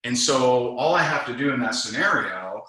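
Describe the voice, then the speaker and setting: A man coaching network marketers in a casual talk, animated and acting out both sides of sales conversations. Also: mid-range voice, normal speed, roomy sound, background noise.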